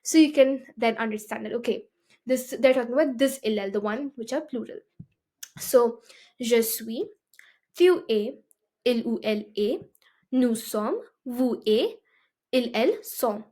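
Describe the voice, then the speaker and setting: Lady teaching basic french, kinda high voice, keeps asking "okay?". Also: measured pace, long pauses, dark tone. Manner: explanatory, often checks with "okay?". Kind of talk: explaining a language lesson.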